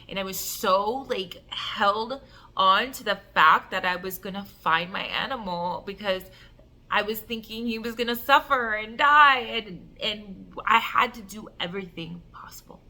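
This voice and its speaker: Woman telling a story about herself, bright voice, super animated, says like a lot. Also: medium pitch, unhurried. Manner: animated, acts out voices and cries, many "like" fillers. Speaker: self-love coach telling a personal story. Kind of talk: emotional personal storytelling.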